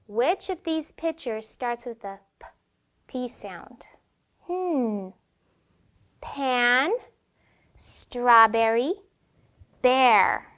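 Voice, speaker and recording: Woman teacher, slow and gentle, fairly high voice, questions for small children. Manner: gentle, slow and drawn-out, asks the listener questions. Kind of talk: slow phonics lesson for young children.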